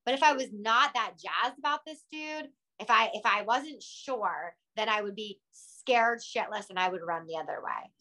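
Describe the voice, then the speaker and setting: A woman's voice: mid-range voice, lively intonation, normal speed, hardly any pauses, pushed and bright. A woman co-hosting a casual TV recap chat, blunt and opinionated, stressing her points with emphasis. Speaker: podcast co-host.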